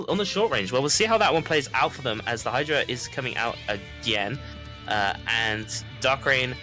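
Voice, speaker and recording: A man commentating a live esports match, chatty and quick, often repeating words. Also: medium pitch.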